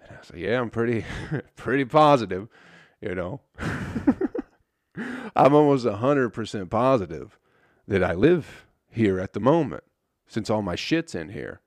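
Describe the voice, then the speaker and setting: A man's voice: lowish voice, sing-song, measured pace, pauses often, darkish tone, no echo, clean studio sound. A young man hosting a podcast, telling a story in a loose, casual monologue full of swearing. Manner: laid-back storytelling, swears often. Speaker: podcast host.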